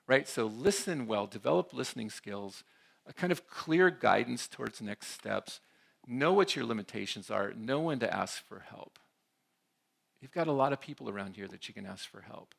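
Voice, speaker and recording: A man's voice: mid-range voice, lively intonation, moderate pace, creaky, fairly bright tone, husky. A man giving a conversational talk at a church conference, often checking in with the audience. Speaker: conference speaker.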